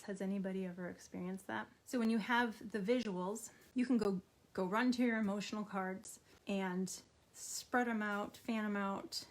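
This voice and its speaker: A woman art therapist, middle-aged, gently walking viewers through a drawing activity and speaking directly to them. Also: mid-range voice. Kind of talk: instructional art therapy video.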